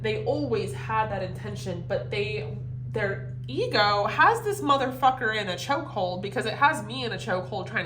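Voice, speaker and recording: Woman, tarot reader, animated, swears freely, laughs a lot, roomy echo. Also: mid-range voice. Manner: animated, profane, laughs often. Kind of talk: casual tarot reading to camera.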